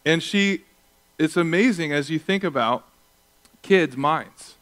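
A man in his thirties preaching a sermon as pastor, telling stories with lively acted-out voices. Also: a little high, takes it slowly. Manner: animated storytelling, acting out voices.

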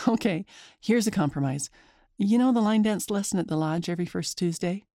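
With a mellow, mid-range voice, a woman tells a lively first-person story in a conversational way. She keeps a moderate pace, recorded up close and dry without any echo.

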